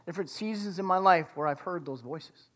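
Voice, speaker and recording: A woman preaching a sermon, retelling a story dramatically and dropping to a hush for emphasis. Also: lowish voice, brisk. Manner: dramatic retelling, acting out the characters' lines.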